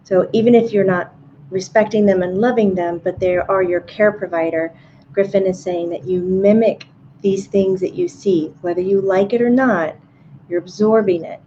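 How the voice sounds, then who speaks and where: A woman calmly explaining answers she relays on a casual live stream. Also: mid-range voice, moderate pace. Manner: calm, explanatory, laughs easily. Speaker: medium relaying a spirit's answers. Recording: dull lo-fi audio with faint hum.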